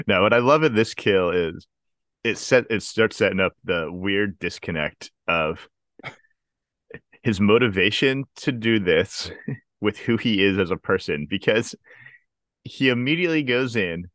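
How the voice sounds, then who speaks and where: Low-voiced guy on a movie podcast, jokey, keeps chuckling, dry close mic. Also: expressive, measured pace, a bit bright, no echo. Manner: joking, chuckles through his lines. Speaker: podcast co-host. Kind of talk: casual movie-review chat.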